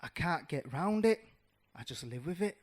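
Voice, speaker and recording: A man's voice: fairly high pitch, lively intonation, normal speed. A man voicing a sad, defeated male lion in a spoken storybook tale. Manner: downcast.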